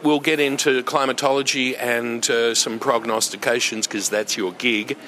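A man's voice: mid-range voice, steady tone, normal speed, bright, forceful tone. An Australian man hosting a community radio show, chatty and enthusiastic, with lots of fillers.

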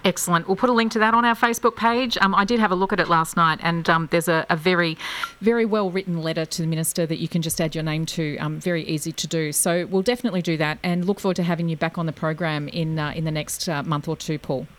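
A woman's voice: on the low side, fairly even intonation, fast talker, a bit bright. A woman with an Australian accent hosting a community radio show in a friendly way, laughing easily and using fillers. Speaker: radio host.

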